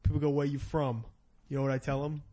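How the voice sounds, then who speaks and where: Foul-mouthed co-host, male, slightly high voice, ribbing his friends. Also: flat delivery, quick pace, mellow. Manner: crude, swears freely, teasing. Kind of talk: casual banter.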